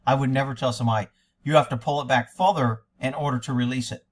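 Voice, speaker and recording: A man's voice: medium pitch, steady tone, fast talker. A man giving critical commentary on an interview recording, blunt, sarcastic and scornful, sometimes swearing. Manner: profane. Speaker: commentator reacting to interview audio.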